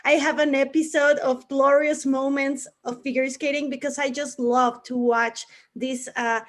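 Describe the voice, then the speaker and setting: A woman hosts a casual interview, sounding enthusiastic and admiring but often stumbling over her words with many fillers. Her voice sits high, with a level tone at normal speed.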